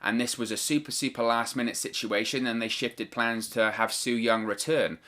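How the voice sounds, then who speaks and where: A man's voice: mid-range voice, fairly even intonation, moderate pace, bright, forceful tone. A man giving solo wrestling news commentary as a vlogger, talking hesitantly and repeating words as he chooses them carefully.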